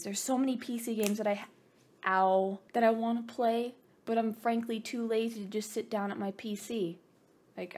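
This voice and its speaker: A young woman vlogging an excited unboxing, bubbly and gushing, rambling with self-mocking asides and over-caffeinated giddiness. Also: medium pitch. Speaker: gaming vlogger.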